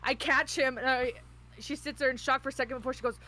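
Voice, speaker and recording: A woman playing a tabletop game, excitable and cursing freely as she talks. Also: sits high, fast, low-quality recording. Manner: profane, excitable. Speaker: player.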